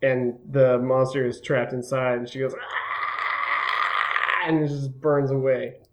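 A man playing a tabletop role-playing game, animatedly describing his character's actions with quick restarts and laughter. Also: medium pitch, flat delivery, very noisy. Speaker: player.

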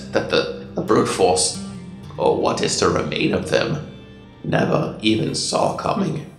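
A man's voice: on the low side, creaky, fairly bright tone, full character voice. A man voicing a wry in-world chronicler who rambles through asides, over faint music in a roomy space. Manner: digressive, full of fillers and asides.

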